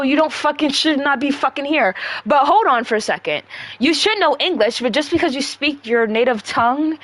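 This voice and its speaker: A young woman ranting on a livestream into a close mic, combative and full of swearing, talking fast and breathing hard. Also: on the high side, dry recording. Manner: profane, combative, rapid rants with breathing. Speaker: livestreamer answering chat.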